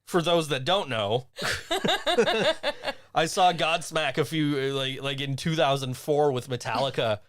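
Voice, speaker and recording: A man co-hosting a casual chat show, rambling with many restarts and quick jokes. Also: fairly even intonation, a bit bright, dry recording, clean studio sound. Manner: rambling, many restarts, does high mocking impressions. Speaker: podcast co-host.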